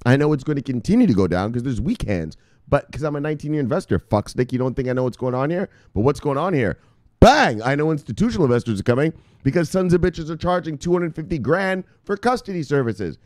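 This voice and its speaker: Male crypto host, mid-range voice, hyped preacher-style rant, very expressive, profane, dry close sound. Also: a little high, fast, no room sound. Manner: fired-up, preacher-like, swears constantly, repeats "look, look". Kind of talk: profane ranting commentary.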